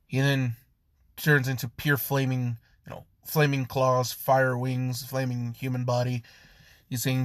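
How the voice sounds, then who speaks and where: Slow, rambling male storyteller. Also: mid-range voice, steady tone, no room sound. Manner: loose, rambling, many fillers, self-correcting. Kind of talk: improvised fan story narration.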